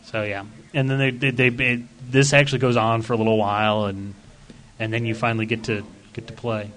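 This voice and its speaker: A man's voice: fairly low pitch, level tone, fairly quick, fairly bright tone. Male stream host, casual and rambling, reads viewer chat, laughs easily. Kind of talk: casual live-stream chat over gameplay.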